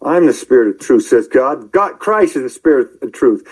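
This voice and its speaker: A man preaching in a rambling commentary, shouting angry tirades at his listeners and then muttering to himself as he browses his screen. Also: mid-range voice, expressive, normal speed, husky, poor audio. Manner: addresses listeners directly, calling out believers. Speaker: online preacher.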